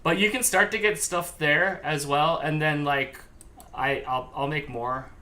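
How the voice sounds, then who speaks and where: Bright-toned man with dry jokes. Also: fairly high pitch, fairly even intonation, a little slow. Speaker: co-host of a baking stream. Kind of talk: casual live-stream chat.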